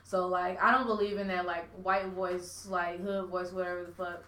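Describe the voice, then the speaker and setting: Young female panelist, blunt and lively, distant mic, roomy sound. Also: fairly low pitch, a little fast. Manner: frank, animated, swears freely. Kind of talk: casual panel discussion. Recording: echoey room, mic far off.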